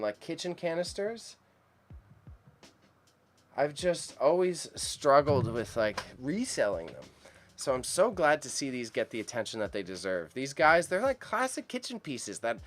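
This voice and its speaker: A man hosting a live stream about an auction, talking casually and enthusiastically to his chat viewers with a lot of slang. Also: mid-range voice. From Canada. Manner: chatty and enthusiastic, speaks straight to chat viewers, uses slang.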